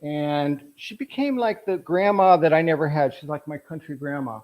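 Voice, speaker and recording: A man's voice: fairly high pitch, normal speed, highs cut off. A middle-aged man presenting his photographs at an artist talk, telling anecdotes in a rambling way with frequent restarts.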